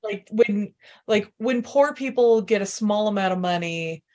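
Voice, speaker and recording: A woman in casual movie chat, chiming in with quick, blunt remarks. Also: mid-range voice, mellow.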